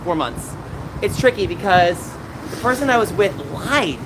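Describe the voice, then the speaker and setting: A man's voice: sits high, lively intonation, normal speed. A man hosting a casual livestream from outdoors, chatting back to viewers and rambling between stories. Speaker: livestream host. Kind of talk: casual chat with live chat. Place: outdoors on a city street. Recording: noisy outdoor street recording.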